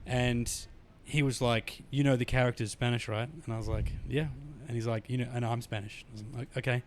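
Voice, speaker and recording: A man's voice: mid-range voice, little pitch movement, fairly quick, slight background noise. A man hosting a podcast, chatty and agreeable, telling stories with plenty of fillers. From Australia. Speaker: podcast host. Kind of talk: casual interview chat.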